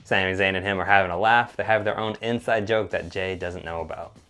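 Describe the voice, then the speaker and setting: Deep-voiced man in a laid-back recap. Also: steady tone, brisk, bright, forceful tone, faint music behind. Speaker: podcast co-host. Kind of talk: casual wrestling recap chat.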